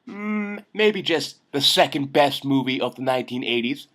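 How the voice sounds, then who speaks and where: A young man hosting a comedic film commentary vlog, sarcastic and excitable, ranting with jokes. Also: mid-range voice, normal speed. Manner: sarcastic, excitable, jokey rants. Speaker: vlog host.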